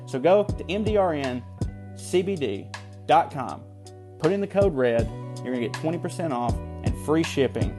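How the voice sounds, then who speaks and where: A man co-hosting a comedy podcast, reading a sponsor ad in a loose, joking way and swooping his voice up high for emphasis. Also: very animated, moderate pace, over music. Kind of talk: casual ad read.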